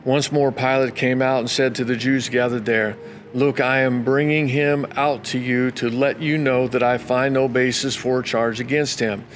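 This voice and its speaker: A pastor reading scripture aloud for a daily devotional, now and then breaking off into brief casual comments before carrying on. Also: male voice, medium pitch, level tone, normal speed, soft background music.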